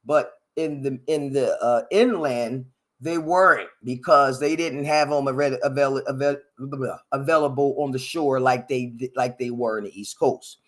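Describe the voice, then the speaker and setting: A man hosting a solo history talk, rambling with joking asides, correcting himself often and breaking into loud animated bursts. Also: medium pitch, moderate pace. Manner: loud animated bursts, sound-effect "ding" noises. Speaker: podcast host. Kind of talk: unscripted solo history commentary. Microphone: headphones and desk mic.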